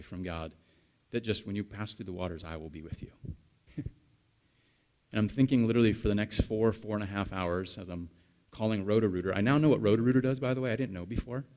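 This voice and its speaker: Man, 30s, pastor, lower voice, conversational sermon, animated storytelling. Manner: chatty storytelling with the congregation, animated asides.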